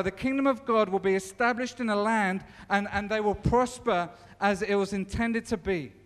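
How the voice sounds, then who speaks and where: A man's voice: very high-pitched, a bit bright. A man giving an informal sermon, telling the story conversationally with many restarts. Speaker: preacher. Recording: long echoing reverb.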